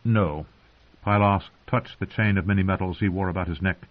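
A man narrating a fantasy audiobook in a steady storytelling voice. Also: sits low, fast. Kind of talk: scripted narration. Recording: tinny phone-like sound.

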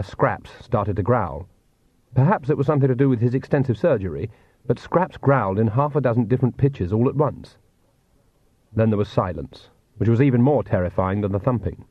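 A man narrating an audiobook in a measured, dry reading. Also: on the low side, expressive, no echo. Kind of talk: scripted narration. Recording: tinny phone-like dry recording.

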